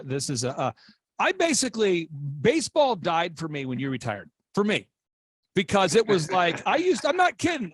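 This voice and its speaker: High, lively excited man interviewing. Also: dry recording. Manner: animated storyteller, acts out his dad's voice. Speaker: podcast host.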